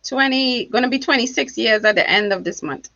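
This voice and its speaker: A woman with a foreign accent talks animatedly as an interview guest, her voice bright and a little high, often breaking into laughter. The recording is dry and slightly muffled. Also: fairly quick, no echo. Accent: foreign accent, not American. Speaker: relationship expert guest. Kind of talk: casual interview chat.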